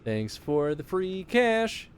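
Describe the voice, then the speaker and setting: A man's voice: high-pitched, big pitch swings, takes it slowly, slight background noise. A man with a light Chicago accent streaming a game, rambling and chatting casually with lots of laughter. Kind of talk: casual live-stream chat.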